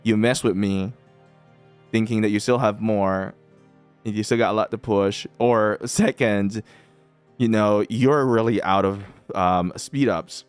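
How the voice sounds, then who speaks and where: A man's voice: on the low side, unhurried, smooth, faint music behind. A man hosting a gaming channel, chatting casually as he plays and often breaking into laughter while repeating himself. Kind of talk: casual game commentary.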